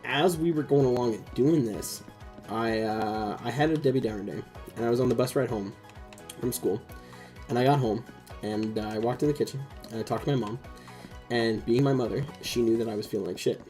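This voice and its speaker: A young male host with a medium-pitched, warm voice talks briskly through a rambling personal story, swearing a lot and leaning heavily on "like" and other fillers. It's a casual chat with soft background music, and the recording is rough.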